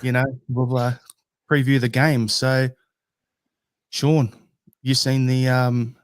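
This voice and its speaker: A man's voice: medium pitch, level tone, slow, clean tone, dry recording, studio quality. An Australian man hosting a casual fan podcast over a video call, easygoing and a little hesitant. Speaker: podcast host.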